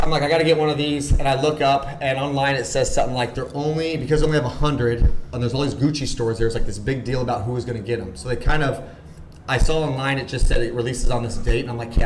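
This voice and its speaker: A man in his thirties telling a story on a podcast as a guest, animated and full of "like", acting out the voices of people he quotes. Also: mid-range voice, roomy sound, background noise. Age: 30s. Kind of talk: casual storytelling chat.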